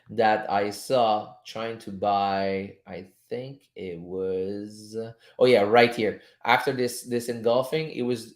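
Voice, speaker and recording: Chatty male trading coach, roomy sound. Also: fairly low pitch. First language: French. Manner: loose and chatty, swears casually, chuckles often. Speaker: trading coach streaming live. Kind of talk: casual live-stream chat while reading charts. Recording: roomy echo.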